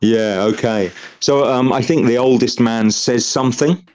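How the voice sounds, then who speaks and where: A man narrating a tabletop game as game master, measured and peppered with ums. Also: mid-range voice, a little mellow.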